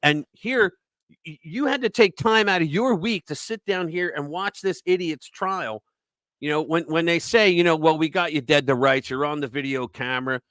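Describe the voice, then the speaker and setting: A man's voice: fairly high pitch, moderate pace, a bit bright, no room sound. A man hosting a casual political talk show, retelling a story in a rambling way with restarts and fillers. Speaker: host.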